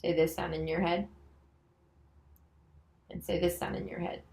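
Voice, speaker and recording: A woman demonstrating a nonverbal reading lesson, slowly and patiently sounding out letters and words. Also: fairly low pitch, little pitch movement, vocal fry, darkish tone, slight background noise, poor audio. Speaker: special education student teacher.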